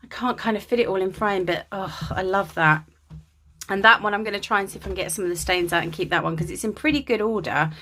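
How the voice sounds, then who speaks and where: An English crafter gushes over her vintage linens in a casual show-and-tell vlog filmed in a dim room at home. Her mid-range voice is quick and sharp, full of chatty ums, with a little hiss or hum in the recording.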